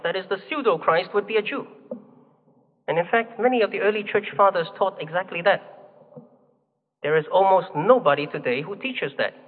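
Male preacher, high-pitched, deliberate and emphatic, recorded in a hall with long echo. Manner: measured, emphatic teaching with rhetorical questions. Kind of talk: sermon. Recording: phone-like, long hall reverb.

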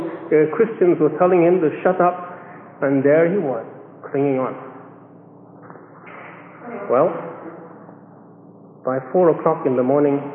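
A man with a high voice tells a sermon story with animated delivery, acting out the people he quotes. The sound is thin and phone-like, caught in a big echoing hall with long reverb. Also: a little hiss or hum. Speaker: preacher. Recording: echoey hall, phone-like band.

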